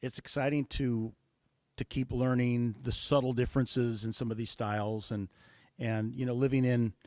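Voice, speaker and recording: A man from the United States, a guest musician talking in a relaxed interview, thoughtful and pausing often with fillers. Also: mid-range voice, no echo, clean studio sound. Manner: thoughtful, many hesitations and fillers. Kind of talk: casual interview talk.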